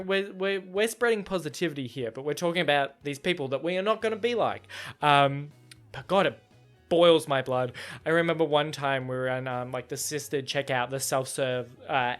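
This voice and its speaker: A young man hosting a casual solo podcast, telling a story in an animated, profane way, jumping between loud outbursts and muttered asides. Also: medium pitch. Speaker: podcast host.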